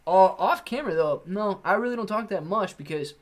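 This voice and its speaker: Laid-back slangy man, higher-pitched. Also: lively intonation, a little fast. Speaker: livestream host. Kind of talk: casual live Q&A, reading chat.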